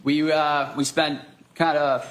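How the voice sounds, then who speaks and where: A man in his twenties with a Massachusetts accent, testifying in court as a witness and speaking loudly with a lot of ums and uhs. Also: fairly high pitch, level tone, slow, poor audio. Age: 20s. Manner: loud, with frequent ums and uhs. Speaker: witness, firefighter paramedic.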